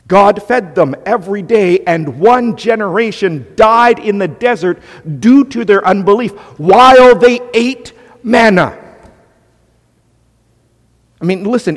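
Guy preaching, kinda high voice, emphatic and chatty, big echoey church hall. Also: vocal fry. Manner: emphatic, conversational preaching with asides. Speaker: pastor. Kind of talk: sermon.

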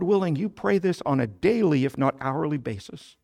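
A man preaching a sermon, explaining scripture slowly and building to loud, emphatic prayers. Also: a little high, lively intonation, gravelly. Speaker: pastor.

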